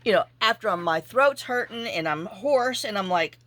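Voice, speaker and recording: A woman hosting a crafting vlog, chatting casually and telling a rambling, animated story with asides while she works. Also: mid-range voice, moderate pace, no room sound. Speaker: junk journaling channel host.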